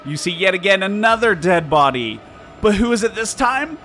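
A man running an improvised horror game as game master, narrating with teasing drama and sudden jumps in pitch. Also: big pitch swings, normal speed, sharp tone, a little hiss or hum.

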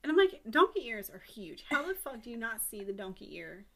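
A woman's voice: fairly high pitch, very animated, gravelly, a bit bright. Swearing woman telling a story casually. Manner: swears freely, acts out characters' lines in quick asides. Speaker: podcast co-host.

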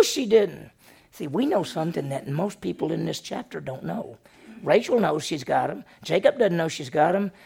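A man's voice: high voice, creaky, darkish tone, slightly rough. A middle-aged male pastor preaching a sermon in a conversational way, often asking his listeners questions. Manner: conversational, asks the audience questions. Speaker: senior pastor.

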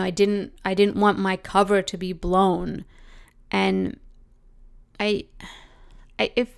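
A woman's voice: medium pitch, vocal fry, clear, resonant tone. A woman with a Canadian accent telling a reflective personal story in a conversational, thoughtful way, often dropping in "like". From Britain, raised in Canada. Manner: conversational, thoughtful, frequent 'like' fillers.

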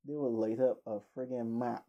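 A man telling a rambling, animated story casually, laughing now and then, in a dull lo-fi recording. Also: medium pitch, moderate pace.

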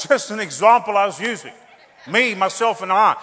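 High-voiced, bright-toned male preacher. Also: fairly quick, slightly rough, long reverb tail. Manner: animated, joking, repeats phrases for emphasis. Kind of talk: revival sermon.

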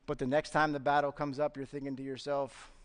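A man's voice: medium pitch, little pitch movement, fairly quick, clear, resonant tone. A man preaching a sermon as pastor, emphatic and full of rhetorical questions. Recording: long reverb of a large hall.

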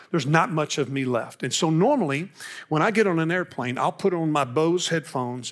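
Animated Texan evangelist man. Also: on the high side. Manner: animated storyteller with rising intensity. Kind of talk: sermon storytelling.

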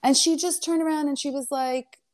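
A woman guest in a casual chat, telling a long family story in a rambling, animated way. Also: high-pitched, moderate pace. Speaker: interview guest.

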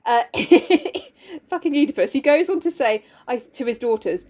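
A woman's voice: fairly high pitch, lively intonation, measured pace, darkish tone. A woman co-hosting a podcast, recapping a play in casual chat, sarcastic and sweary, often laughing. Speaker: podcast co-host.

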